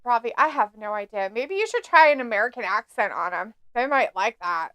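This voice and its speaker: A woman's voice: fairly high pitch, animated, a little fast, pushed and bright, no echo. A woman co-hosting a live stream, chatting casually, laughing often and reading viewer comments aloud. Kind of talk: casual watch-along chat.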